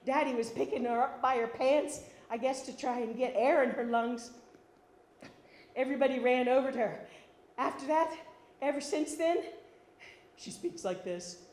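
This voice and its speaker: A woman's voice: sits high, steady tone, normal speed, darkish tone, slight background noise. Woman in an echoey one-woman stage monologue. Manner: wry, storytelling, laughing. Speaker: stage performer telling her life story. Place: theatre stage.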